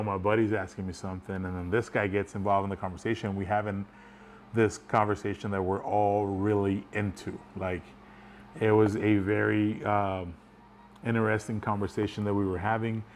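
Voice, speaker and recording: A man's voice: fairly low pitch, slight background noise. A man telling a personal story in a casual, rambling way, chuckling as he goes. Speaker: vlogger.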